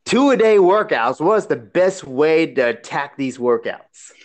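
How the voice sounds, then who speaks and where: A man's voice: on the high side, takes it slowly. A man co-hosting a casual chat, telling stories with frequent laughter. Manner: laughing often, animated storytelling.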